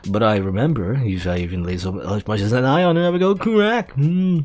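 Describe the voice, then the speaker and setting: A man's voice: lowish voice, expressive, brisk, a little mellow, faint music behind. A man voicing a fussy, pompous old male doctor while reading game dialogue aloud, humming between lines.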